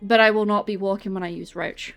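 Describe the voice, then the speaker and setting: A woman's voice: medium pitch, fairly even intonation, brisk, creaky, soft background music. An English woman streamer chatting casually with her viewers and answering chat while walking on a treadmill. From England. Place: home, on a treadmill.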